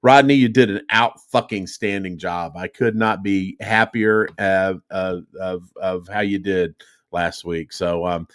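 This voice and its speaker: A middle-aged podcast host tells stories in loose, profane chat, laughing often and staying animated. His voice is low, clear and resonant, and he takes his time.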